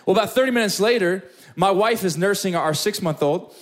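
A young man preaching a sermon as pastor, telling a story with lively, acted-out moments in front of a room. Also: brisk. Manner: animated storytelling, acting out scenes with big pitch jumps. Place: church hall with live audience.

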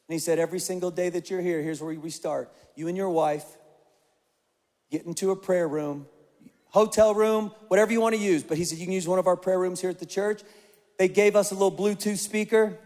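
Pastor, male, high-pitched, preaching with passion in a big reverberant church hall. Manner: passionate, rising and pushing into loud repeated calls. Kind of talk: sermon.

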